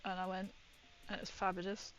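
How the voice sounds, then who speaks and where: A woman's voice: medium pitch, monotone, moderate pace, fairly bright tone, faint music behind, rough recording. A woman painting miniatures and chatting with viewers in a rambling, giggly way. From Britain. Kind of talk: casual chat while painting.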